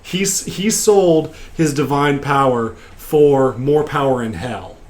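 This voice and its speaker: Man recapping a game, halting and rambling. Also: medium pitch. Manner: rambling storytelling with frequent pauses and fillers. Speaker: game master recapping a session. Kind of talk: casual podcast recap.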